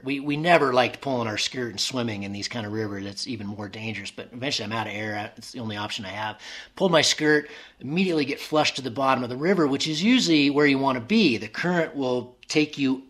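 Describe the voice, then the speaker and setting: A man of mid pitch speaks as a guest in a casual interview, telling a story as it comes to him. He stops and restarts often. He acts out the voices in his head as he goes. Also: fairly bright tone. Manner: halting, many restarts, acts out remembered inner dialogue.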